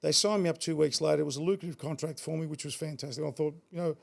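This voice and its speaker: Gravelly fast-talking Australian man. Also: on the high side. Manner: blunt, swears freely, repeats words. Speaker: guest. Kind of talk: casual storytelling.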